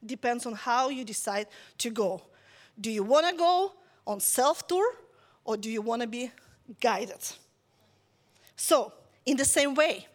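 A woman preaching a conversational sermon, telling a story lively and checking in with listeners as she goes. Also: on the high side.

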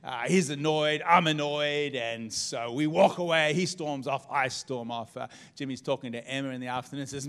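A middle-aged man preaching a sermon as pastor, telling humorous stories with lively swings in his voice. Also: moderate pace, hardly any pauses. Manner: humorous storytelling, animated pitch swings.

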